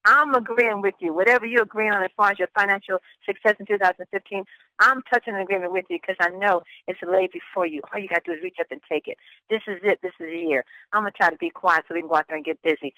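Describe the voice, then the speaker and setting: An excited pastor closes out a motivational conference call, piling on thanks and encouragement. The voice is bright and forceful, and the sound is dry and close. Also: mid-range voice, quick pace, no echo, rough recording. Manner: effusive, gushing, repeats phrases. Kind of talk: hyped-up motivational call host.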